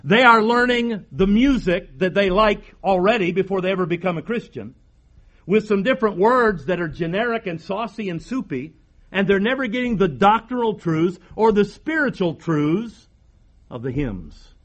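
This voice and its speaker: High-voiced man preaching emphatically. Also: lively intonation, moderate pace, a bit bright. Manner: emphatic preaching with repeated phrases and rhetorical questions. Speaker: pastor. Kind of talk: sermon.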